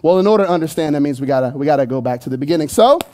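High-voiced pastor with a mellow tone. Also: male voice, expressive, rapid-fire. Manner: conversational and playful, with asides and jokes to the congregation. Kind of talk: sermon. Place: church. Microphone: handheld microphone.

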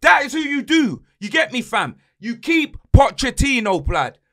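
A man's voice: extremely high pitch, sing-song, measured pace, pushed and bright. A young man hosting a football podcast, ranting angrily about his team's loss in heavy slang. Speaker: podcast host and football fan. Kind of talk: heated fan rant.

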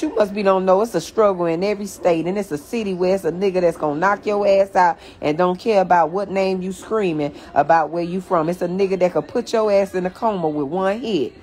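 A woman's voice: lowish voice, darkish tone. Blunt, profane woman ranting on a live. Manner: profane, blunt and mocking, addressing viewers as y'all. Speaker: live-stream host. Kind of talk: ranting commentary to viewers.

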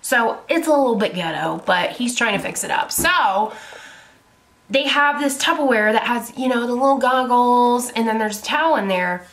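A woman's voice: a little high, moderate pace. A young woman, telling a story to her camera in a casual vlog, chatty and full of swearing. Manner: chatty, swears a lot, animated retelling. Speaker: beauty vlogger.

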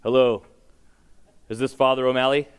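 A man voicing a formal tax agent questioning a priest by phone, in a smooth voice. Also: on the high side, brisk, natural voice. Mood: businesslike.

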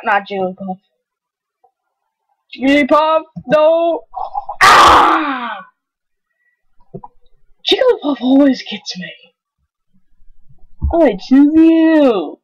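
A woman commenting on her own gameplay, excitable, yelping and crying out whenever something goes wrong. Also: high-pitched. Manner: excitable, yelps and cries out at mishaps. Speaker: gaming channel host. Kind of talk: let's play commentary. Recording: dull lo-fi recording.

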